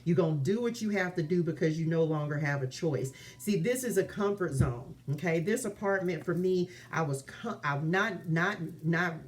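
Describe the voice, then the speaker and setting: A woman's voice: on the low side, normal speed, few pauses, a little hiss or hum. A woman talking to her viewers from her apartment as a spiritual reader, in a casual vlog. She speaks in an emphatic, chatty way, calls her viewers y'all and repeats phrases for weight.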